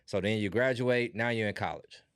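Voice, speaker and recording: A male podcast host with a somewhat low voice reacts openly to his guest's story, exclaiming and joking. He sounds close and dry on the mic. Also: normal speed, smooth, no room sound. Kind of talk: conversational interview.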